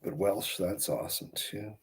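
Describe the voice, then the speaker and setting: Streaming live as a balloon twister, this man talks at a normal speed in a low voice, with slight background noise. He greets viewers by name and rambles through friendly asides while his hands stay busy with the balloons.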